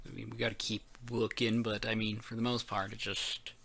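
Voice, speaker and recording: A man's voice: fairly low pitch, little pitch movement, normal speed, vocal fry, a bit bright. A man co-hosting a casual gaming podcast, rambling loosely and reading bits of an article aloud. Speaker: podcast co-host.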